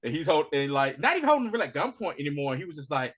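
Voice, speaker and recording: A man co-hosting a podcast, giving a casual, animated recap of a TV episode and acting out the characters' lines. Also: on the high side, racing, breathy edge. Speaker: podcast co-host.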